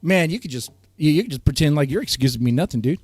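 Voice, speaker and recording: A man's voice: lively intonation, quick pace, husky, no room sound. Heated male streamer ranting at chat. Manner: heated, swings from loud outbursts to low muttering. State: voice strained, keeps clearing throat. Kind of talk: ranting livestream commentary to chat.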